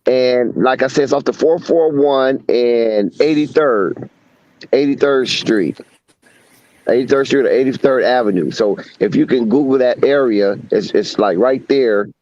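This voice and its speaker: A man's voice: mid-range voice, unhurried, darkish tone. A man in casual chat, telling laid-back stories with trailing asides. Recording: dull dry lo-fi sound.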